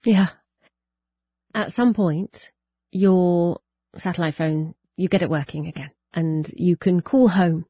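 A woman interviewing a guest, gently restarting her questions as she goes. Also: fairly low pitch, slow pace, breathy edge, no room sound, muffled recording.

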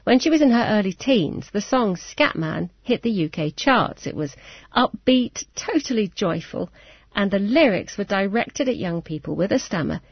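Gravelly-voiced woman interviewer. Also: mid-range voice, lively intonation, moderate pace, no echo, lo-fi sound. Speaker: interviewer and narrator. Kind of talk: broadcast interview narration.

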